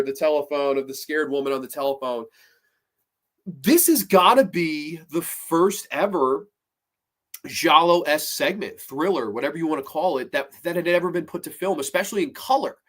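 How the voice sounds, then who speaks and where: Male horror film reviewer, fairly high voice, rambling and excited, swears casually. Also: normal speed.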